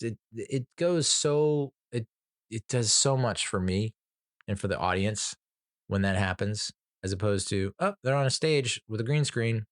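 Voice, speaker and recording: A man's voice: fairly low pitch, dry recording, clean studio sound. A man hosting a podcast, casually reviewing a film in a rambling, profane way with many fillers and restarts and chuckling at his own jokes. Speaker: movie reviewer, podcast host. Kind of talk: casual movie review chat.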